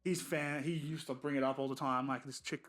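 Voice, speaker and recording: A man's voice: mid-range voice, steady tone, brisk, a bit bright, a little hiss or hum. A young man co-hosting a podcast, casually retelling a story and checking in with "right?". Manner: conversational retelling with fillers like "right?". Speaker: podcast co-host. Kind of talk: casual chat.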